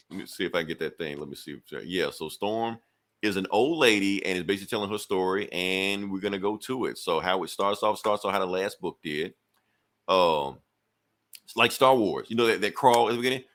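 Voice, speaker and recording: Podcast co-host, male, lower voice, easygoing and rambling, talks through a comic plot casually. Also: normal speed, a bit bright. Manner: rambling, loose and conversational with frequent fillers. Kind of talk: casual comic book recap.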